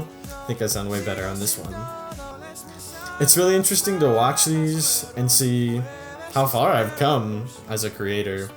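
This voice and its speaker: A young man casually commenting on his old videos, chatty and upbeat, laughing often and trailing off. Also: mid-range voice. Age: young adult. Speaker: YouTube creator reviewing his own videos.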